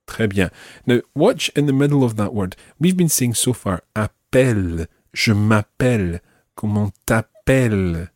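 A man teaching a French lesson, explaining and slowly modelling phrases for learners to repeat. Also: fairly low pitch, animated, darkish tone, no echo, clean studio sound. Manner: slow, careful modelling of phrases. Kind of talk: audio language lesson.

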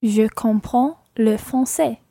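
A woman's voice: on the high side, slow, vocal fry, warm tone, no room sound, studio quality. A woman learning a language on a podcast, carefully repeating short phrases after the teacher.

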